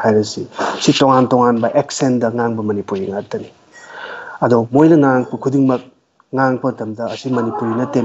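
Rapid Manipuri-accented male teacher. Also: mid-range voice, darkish tone, husky, dull audio. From Manipur, India. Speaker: English teacher. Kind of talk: live online lesson.

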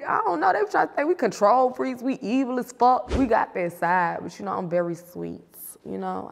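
A woman's voice: mid-range voice, in a large hall. A woman answering interview questions in a casual, blunt and profane way, playful in tone. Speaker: interview guest.

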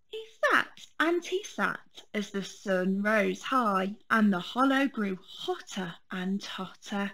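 Woman teacher, storybook reading, gentle, expressive, slow pace. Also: fairly high pitch.

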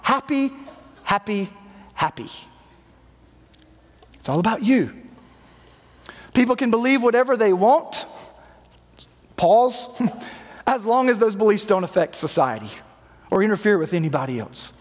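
Man, pastor, conversational sermon, high voice, long church reverb. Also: animated, normal speed, pauses often, a little mellow. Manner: conversational preaching, acting out quoted lines. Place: church sanctuary.

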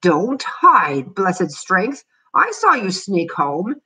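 A woman voicing an angry older male landlord who scolds his renters loudly in a storybook reading, with a husky voice. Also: mid-range voice, huge pitch swings, very slow, voice pushed up, heavily acted. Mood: scolding.

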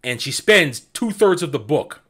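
A man's voice: on the high side, measured pace, husky. A man hosting an informal book club, talking enthusiastically and animatedly, repeating himself as he builds his points. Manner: enthusiastic, animated, with frequent restarts. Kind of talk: casual book discussion.

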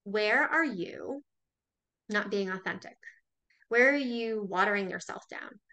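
Woman, spiritual talk host; bright, forceful delivery, preachy, swears and fires rhetorical questions. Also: mid-range voice.

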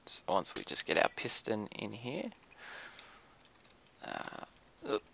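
Gravelly-voiced man narrating a build. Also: lowish voice, slow, slight background noise. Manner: relaxed, thinking aloud with frequent ums. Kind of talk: casual gameplay commentary.

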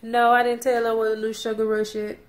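A woman's voice: on the high side, completely flat delivery, fairly quick. A woman, chatting casually and rambling straight to her viewers in a vlog, filmed on a phone. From Texas, USA. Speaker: vlogger. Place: in a car and at home. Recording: loud background noise from a car.

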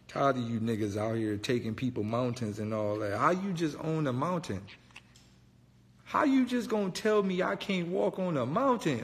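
A man casually telling a story, animated, slangy and profane. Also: medium pitch, moderate pace, big-room sound. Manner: animated, profane, slangy, keeps saying "bro".

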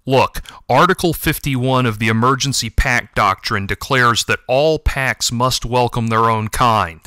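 A man reading an audiobook, voicing a young male cat who speaks forcefully and defiantly to hide his nerves. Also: medium pitch, unhurried, no echo, clean studio sound. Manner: forceful, defiant, a touch stammering. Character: young male cat, brave but nervous elder brother. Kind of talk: audiobook character voice.

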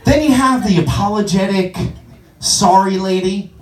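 Brash, high-pitched stand-up comic in a club. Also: male voice, a little slow. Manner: brash, profane, animated. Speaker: stand-up comedian. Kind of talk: stand-up comedy set. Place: comedy club. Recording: roomy club sound from a distance, audience.

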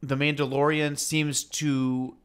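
A man with a smooth, resonant voice, chatting casually as a podcast co-host. He rambles and jokes, telling stories with animated energy. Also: fairly high pitch, slow. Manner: rambling, jokey, animated storytelling. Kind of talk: casual chat.

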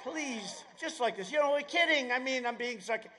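Man shouting a rambling rally speech. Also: very high voice, expressive, quick pace, noisy background. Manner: rambling, with sarcastic asides and bursts of shouting. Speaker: campaign speaker. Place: outdoor rally at an airfield.

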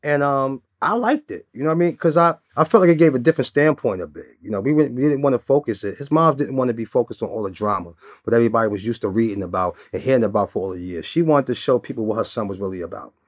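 A man from New York talks through old stories in a relaxed, easygoing drawl. He keeps tagging his sentences with "you know what I'm saying". His voice sits at a middle pitch and sounds close and dry, with no room around it. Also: fast talker, hardly any pauses, no room sound. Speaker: interview guest. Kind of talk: casual storytelling interview.

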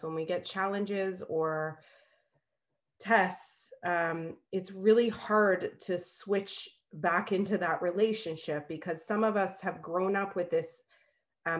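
A woman with a lowish voice speaks earnestly during a class, reflecting on a recent personal challenge. Her tone is thoughtful and sincere. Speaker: class participant. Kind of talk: casual sharing.

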